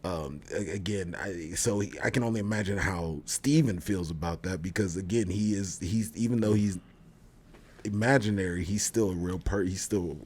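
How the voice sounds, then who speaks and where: Deep husky-voiced man in casual chat. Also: normal speed, darkish tone. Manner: rambling retelling with many fillers and restarts. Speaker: podcast co-host reviewing a TV show.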